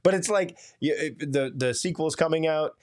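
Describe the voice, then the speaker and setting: A man coaching a live online workshop, talking in a chatty, animated way with lots of restarts and asides over a video call. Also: a little high, moderate pace. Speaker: productivity coach leading a live online challenge. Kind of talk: casual live workshop talk.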